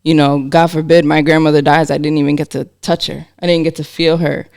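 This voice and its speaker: A man's voice: on the high side, level tone, a little fast, creaky, smooth, no echo, studio quality. A man co-hosting a podcast, speaking in a heartfelt way and openly about his feelings. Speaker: podcast co-host. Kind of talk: casual podcast chat.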